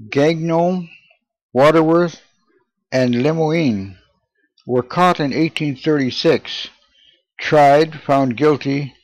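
A man reading a memoir aloud as scripted narration, steady and measured, slowing over names. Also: on the high side, no room sound, poor audio. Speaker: audiobook reader.

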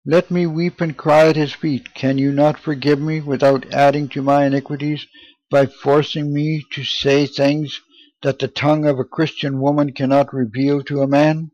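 A man's voice: a little high, level tone, moderate pace, a little mellow, no room sound, close to an everyday voice. A man voicing a trembling, devout young woman pleading at confession, in his own everyday voice on a dull lo-fi recording. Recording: dull lo-fi, dry.

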